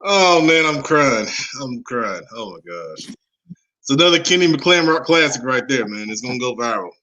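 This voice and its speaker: A man hosting a podcast, talking casually with plenty of fillers and getting animated when worked up. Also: on the low side, poor audio. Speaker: podcast host. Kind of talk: casual chat.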